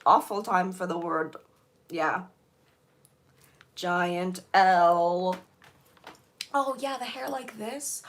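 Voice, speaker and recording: A young woman chatting on a casual livestream while sorting jewelry, bubbly and playful, her voice a little hoarse. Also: mid-range voice, a bit bright. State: slightly hoarse.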